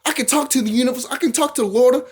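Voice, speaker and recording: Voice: high-pitched, racing, slightly rough. A vlogger delivering a heated, profane monologue to camera, often repeating phrases and restarting sentences.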